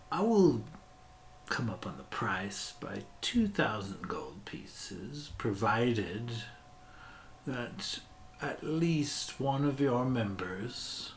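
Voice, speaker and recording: A man voicing a shrewd male merchant who haggles over prices with pauses and drawn-out terms. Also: mid-range voice, slight background noise.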